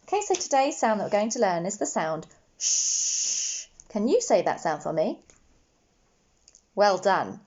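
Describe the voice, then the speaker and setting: Patient woman teaching phonics, slowly. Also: mid-range voice, very animated, a little mellow, muffled recording. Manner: slow, patient, encouraging, sounding out letters. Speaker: primary school teacher. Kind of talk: phonics lesson for young children.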